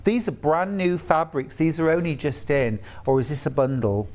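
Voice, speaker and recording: A man's voice: on the high side, normal speed, a little mellow. A middle-aged man from the UK presenting fabrics on a live shopping channel in a chatty, gushing, enthusiastic way.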